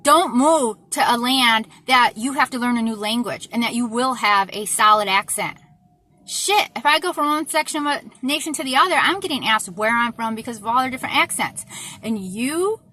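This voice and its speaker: A woman's voice: fairly high pitch, a little fast, sharp tone, a little hiss or hum. A woman from the United States ranting in an indignant, exasperated monologue to her viewers, often repeating herself for emphasis. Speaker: vlogger.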